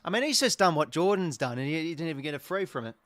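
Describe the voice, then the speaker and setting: An Australian man hosting a live football watch-along, talking as an excitable, sweary fan who reacts to each play. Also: on the high side, quick pace, no room sound. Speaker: host.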